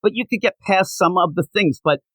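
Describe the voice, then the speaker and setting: A man co-hosting a podcast, talking casually and animatedly about comic books, often slipping into quick mocking quotes of characters. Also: high-pitched, fairly bright tone, no room sound, low-quality recording. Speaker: podcast co-host. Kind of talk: casual comic book discussion.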